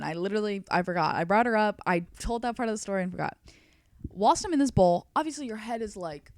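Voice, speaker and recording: A woman's voice: mid-range voice, no room sound, studio quality. A young woman vlogger telling a story in an emotional, chatty way, saying "like" constantly. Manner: chatty and emotional, heavy use of "like". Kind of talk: storytime vlog.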